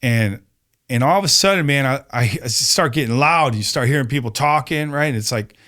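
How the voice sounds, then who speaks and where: A man telling a personal story in casual conversation, animated, acting out quoted voices and peppering his speech with fillers. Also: brisk. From Chicago, USA. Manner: animated storyteller, acts out quotes with rising pitch, many fillers. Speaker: podcast guest.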